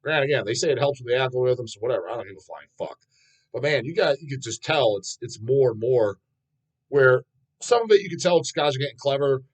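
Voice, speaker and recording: A man in his thirties hosts his own channel, reading out fan questions and riffing on them. He talks bluntly and swears constantly, laughing at his own jokes. His voice sits at a middle pitch but swings up and down a lot. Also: animated, fairly quick, low-quality recording. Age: 30s. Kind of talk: casual rambling monologue.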